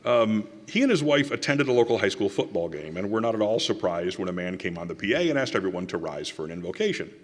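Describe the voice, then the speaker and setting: A man's voice: fairly low pitch, big pitch swings, fast, hardly any pauses. A man giving a conference talk, with wry, sarcastic asides and quoted passages read aloud. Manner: reads quotations aloud. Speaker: conference speaker. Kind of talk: public lecture. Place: lecture hall. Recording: reverberant hall.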